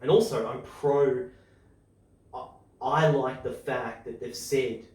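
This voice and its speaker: A man talks casually and with conviction, speeding up and slowing down as his excitement builds. He sits a little away from the mic, and a strong room echo hangs on every word. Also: mid-range voice, distant mic. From Australia. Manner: excitable, opinionated, speeds up and slows down. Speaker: podcast host. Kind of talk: casual chat.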